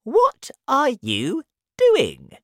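A woman voicing a cheeky monkey in a children's story, with a high, squeaky voice. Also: wildly swooping pitch, very slow, a bit bright, no room sound, studio quality, full character voice. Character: cheeky quick male monkey in a tree.

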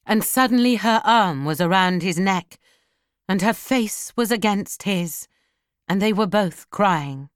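A woman narrating an audiobook in a measured, even storytelling manner. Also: mid-range voice, smooth, no room sound, studio quality.

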